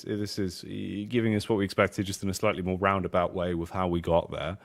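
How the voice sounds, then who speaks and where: Deep-voiced casual male esports caster. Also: little pitch movement, brisk. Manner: casual, chatty, rhetorical questions. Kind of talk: esports draft analysis commentary.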